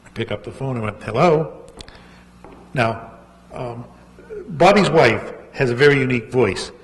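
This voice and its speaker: A man's voice: mid-range voice, animated, moderate pace. Guy author rambling thru a story, jokes on himself, echoey hall. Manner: rambling, self-mocking, lots of asides. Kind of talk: anecdotal storytelling talk. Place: book launch event hall.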